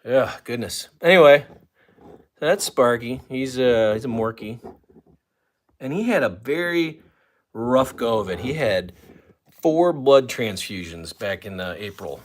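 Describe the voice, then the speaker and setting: A man's voice: mid-range voice, expressive, a little slow, pauses often. An older man hosting a casual livestream, rambling and joking with viewers, at times out of breath. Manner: rambling, jokey, talks to chat. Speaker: livestream host.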